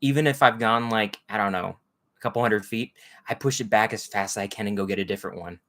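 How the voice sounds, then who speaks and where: A Texas man hosting a casual livestream talks fast in a lowish, slightly bright voice. He chats with viewers in a rambling manner and says hello to them by name.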